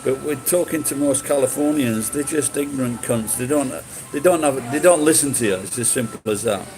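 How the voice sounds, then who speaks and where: A man's voice: mid-range voice, moderate pace, music in the background, rough recording. A man chatting casually, rambling and swearing, with frequent restarts. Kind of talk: casual chat.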